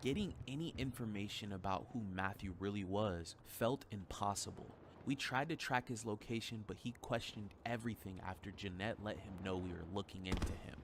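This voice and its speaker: A man narrating a documentary voice-over in a measured, explanatory way. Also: lowish voice, background noise.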